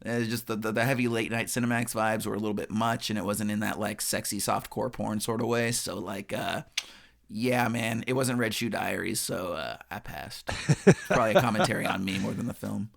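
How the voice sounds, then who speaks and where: Male podcast co-host, casual film chat, animated and swearing, bright tone. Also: on the low side, fairly quick, creaky. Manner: animated, laughing, swearing freely.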